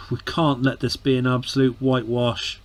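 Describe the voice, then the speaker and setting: Slow-talking man commentating a football game. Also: medium pitch. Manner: emotional, sighing and groaning, bursting into shouts; repeats and restarts words. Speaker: gaming commentator. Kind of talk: casual let's-play commentary.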